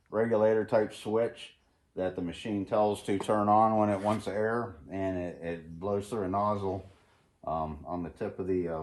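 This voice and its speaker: A man hosting a casual DIY vlog, talking to himself as he works with tools in a cold home garage. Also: on the low side. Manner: relaxed, talking to himself while working with tools. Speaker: channel host. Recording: roomy garage echo, faint noise.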